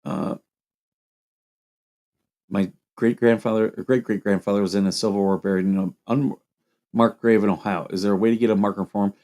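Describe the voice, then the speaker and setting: A man's voice: fairly low pitch, fairly even intonation, a little fast, pauses often, darkish tone. Casual man hosting a chat stream. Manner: loose, rambling, reads viewer questions aloud and answers them. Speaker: livestream host answering veteran questions.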